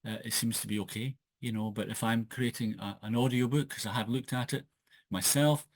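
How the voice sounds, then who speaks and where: Via the built-in microphone of a laptop in his home office, which has a wooden desk, a Scottish man who is an author hosts a casual solo podcast on his channel. His mid-pitched voice is steady and a little fast, recorded dry, and his speech is hesitant, with many fillers and restarts.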